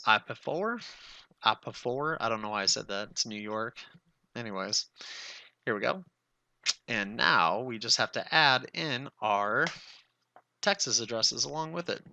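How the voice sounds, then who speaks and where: A man with a gravelly, crisp, forceful voice walks through a networking tutorial in a casual, chatty way. He thinks aloud and talks straight to his viewers, and the recording sounds dry and close. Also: lowish voice, no echo.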